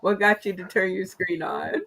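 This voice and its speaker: A woman's voice: mid-range voice, flat delivery, moderate pace, fairly bright tone. A woman hosting an online comedy game show over a video call, laid-back and chatty.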